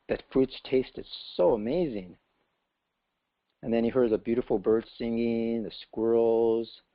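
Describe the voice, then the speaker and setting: A man's voice: lowish voice, creaky, no echo. A man giving a scripture class, telling a story in a casual way with many fillers. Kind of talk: storytelling lecture. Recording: dull lo-fi class recording.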